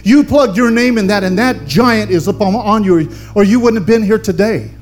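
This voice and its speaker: A man's voice: high voice, moderate pace, a little mellow, faint music behind. An older man, a pastor, preaching a fervent sermon and calling on the congregation for amens. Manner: fervent preaching with call-and-response.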